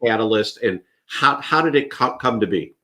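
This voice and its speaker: A man's voice: on the low side, lively intonation, normal speed, pushed and bright. A man hosting a live interview, asking searching questions and affirming briefly. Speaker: host.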